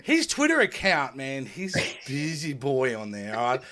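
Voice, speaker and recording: An Australian man co-hosting a casual podcast, delivering jokes in a deadpan, mock-serious way. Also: mid-range voice, normal speed, crowd noise. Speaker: podcast co-host. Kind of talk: casual chat.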